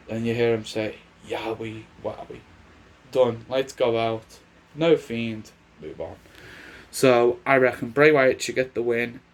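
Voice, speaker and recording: Brief: male vlogger, slow and unhurried delivery, chatty and rambling, mid-range pitch. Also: slight background noise. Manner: rambling, chatty, restarts his sentences. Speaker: wrestling commentator. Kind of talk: casual predictions vlog.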